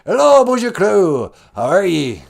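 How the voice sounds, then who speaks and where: A man putting on an all-knowing deity who speaks in a lilting put-on brogue and hands out grand, folksy sermons. His pitch swoops widely as he moves from lofty proclamations to homely advice, in an improvised comic skit. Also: wildly swooping pitch, a little slow, creaky, exaggerated voice. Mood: jovial. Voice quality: lilting put-on brogue, calls her "me daughter". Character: Great Spirit, an all-knowing male deity, gently preachy.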